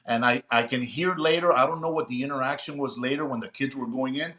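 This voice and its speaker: This is a middle-aged man, a retired police sergeant, spinning a story on a casual podcast. His pitch sits in the ordinary middle for a man. He talks in a lively, conversational way and keeps checking in with his listeners. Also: fast talker.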